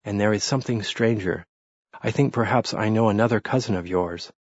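A man's voice: fairly low pitch, brisk, slightly rough, no room sound. A man reading as an eager, impetuous young musician. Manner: excited, impetuous. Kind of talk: audiobook character reading. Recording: muffled lo-fi recording.

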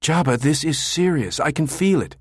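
A man's voice: a little high, expressive, normal speed, a little mellow, breathy edge, no room sound, clean studio sound, voice pushed up. A man voicing a tense woman who talks in an urgent, insistent way.

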